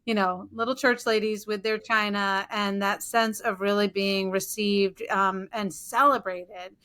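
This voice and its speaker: A woman's voice: medium pitch, fairly even intonation, unhurried, bright, forceful tone. A woman hosting a podcast, responding appreciatively to her guest in conversation. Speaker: podcast host. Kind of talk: conversational interview.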